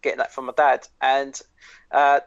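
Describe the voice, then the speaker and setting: A man's voice: medium pitch, little pitch movement, normal speed, gravelly, dry recording. A man tells a rambling convention story in casual podcast chat, laughing and swearing along the way. His voice sits in a mid range for a man, and the sound is dry and dead. The audio is dull and lo-fi. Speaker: podcast co-host.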